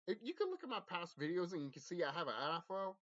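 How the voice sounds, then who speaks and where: A man's voice: sits high, big pitch swings, fast talker, fairly bright tone. A man vlogging a rambling spiritual monologue, intense and profane, often repeating himself and restarting his sentences. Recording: dull lo-fi audio.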